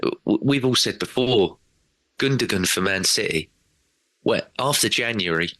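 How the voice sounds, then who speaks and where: A low-voiced man chats casually about football on a podcast, rambling and animated and slipping into quoted voices. His tone is bright and forceful, and the recording is dry and close. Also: measured pace, no echo. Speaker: podcast regular.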